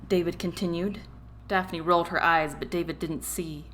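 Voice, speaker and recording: A woman narrating a romance novel chapter in an expressive reading voice. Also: lowish voice, moderate pace. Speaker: audiobook narrator. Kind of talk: storybook narration.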